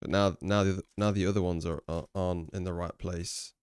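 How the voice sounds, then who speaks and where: A man's voice: low voice, little pitch movement, moderate pace, darkish tone, clear, resonant tone, no room sound, studio quality. A young English man streaming live, chatting casually with viewers, thinking aloud and swearing now and then. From England.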